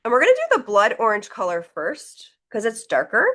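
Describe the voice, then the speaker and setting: A woman's voice: fairly high pitch, wildly swooping pitch, fairly quick, a bit bright. A woman leading a live online painting class, talking through each step in a chatty, encouraging way as she demonstrates. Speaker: painting instructor.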